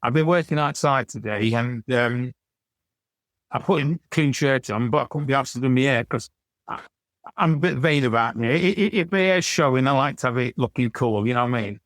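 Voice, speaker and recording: A man's voice: medium pitch, a little fast, fairly bright tone, no echo. A man, a podcast guest telling rambling anecdotes with frequent stammered restarts. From England. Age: 60s. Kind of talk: casual storytelling chat.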